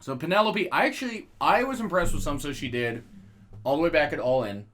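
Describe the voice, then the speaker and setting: A man's voice: fairly high pitch, lively intonation, a little fast, a bit bright. Profane, joking man on a podcast. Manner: loose, profane, laughs at his own jokes. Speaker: podcast co-host. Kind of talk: casual wrestling chat.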